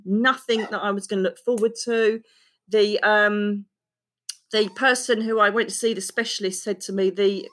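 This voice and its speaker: A woman speaks as a podcast guest with a mid-pitched voice. She tells her story frankly, with an earthy bluntness and the odd mild swear. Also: a bit bright. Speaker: podcast guest, psychic and author. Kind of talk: candid storytelling in an interview.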